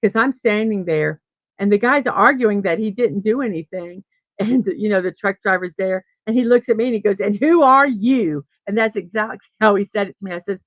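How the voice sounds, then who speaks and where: On her casual daily morning stream, a middle-aged host tells a meandering story and responds to viewer comments, often laughing and starting over mid-thought. Her mid-range voice moves a little fast. The sound is lo-fi and free of echo.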